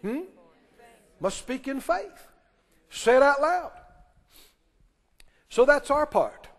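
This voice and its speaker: A pastor preaching a sermon in a church, emphatic and pressing the congregation with questions and call-and-response. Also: male voice, very high-pitched, very animated, slow pace. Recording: long reverb of a large hall.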